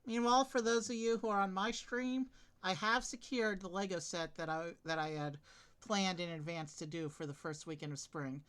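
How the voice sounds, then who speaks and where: A man's voice: high voice, moderate pace, a bit bright, smooth. A man co-streaming a game, chatting casually and explaining things in a thoughtful way. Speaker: co-streamer reading game text. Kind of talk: casual live-stream chat.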